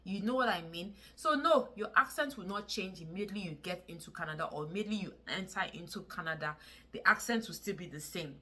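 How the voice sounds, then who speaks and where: A woman with a Nigerian English accent talks casually to camera in a vlog. Her voice sits a little low but sounds bright and forceful. She speaks earnestly and pleads with her viewers, often repeating words for emphasis. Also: fast talker, breathy edge. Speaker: vlogger.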